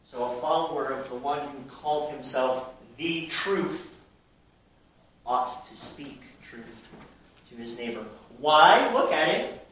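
Speaking slowly with lively intonation in a mid-range, fairly bright voice, a pastor preaches an emphatic sermon to his congregation, full of rhetorical questions. The distant recording from the church sanctuary is very echoey, with faint noise.

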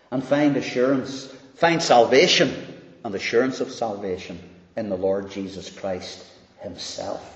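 A man preaching a sermon, slow and emphatic, swinging from loud rises down to hushed, quiet lines. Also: on the low side. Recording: dull, echoey hall recording.

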